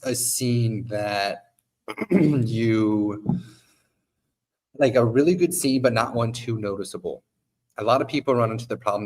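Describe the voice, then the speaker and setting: A man who owns an agency, chatting casually on a podcast with a voice he says is going, and acting out his clients' lines. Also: on the low side. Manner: animated, acts out quotes of clients. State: losing his voice, coughing. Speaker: modeling agency owner.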